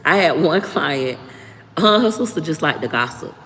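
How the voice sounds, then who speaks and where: A woman, hosting a livestream and giving frank, profane, lively life advice. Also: sits low, moderate pace. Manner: frank, profane, animated storytelling. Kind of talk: casual livestream chat. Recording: long reverb, faint background noise.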